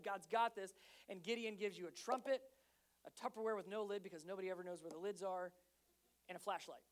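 Male preacher, thirties, animated sermon storyteller, shifts from hushed to loud. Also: sits high. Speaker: pastor.

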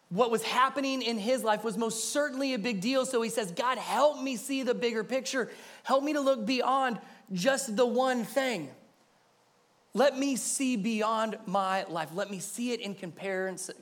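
Guy preaching, pretty high voice, earnest, talks right at you and hammers phrases again and again. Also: fairly bright tone. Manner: earnest, speaks directly to the listeners; emphatic, repeats phrases. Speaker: pastor. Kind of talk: sermon.

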